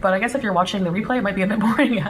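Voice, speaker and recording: A woman's voice: mid-range voice, racing, rough recording. A woman live streamer talking casually and rambling to her chat, with many fillers and restarts. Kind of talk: casual livestream talk. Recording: streamed clip with clear background noise.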